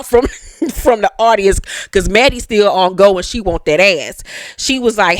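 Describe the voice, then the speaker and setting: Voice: medium pitch, moderate pace, no room sound. A host recapping a television episode in a casual, comedic way, swearing freely and acting out the characters in shifting voices, with speech. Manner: animated, profane, acts out characters in shifting voices.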